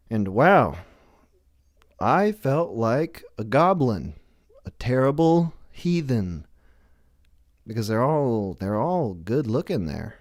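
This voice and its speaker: A man's voice: on the low side, darkish tone, dry recording, studio quality. A man hosting a live stream, rambling through a self-deprecating comedic monologue full of restarts. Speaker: livestream show host.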